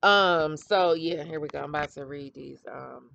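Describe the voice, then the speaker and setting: A woman's voice: low voice, normal speed, vocal fry, fairly bright tone. A middle-aged woman hosting casual gossip commentary, blunt and trash-talking, laughing often. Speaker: commentary channel host. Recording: dull lo-fi dry sound.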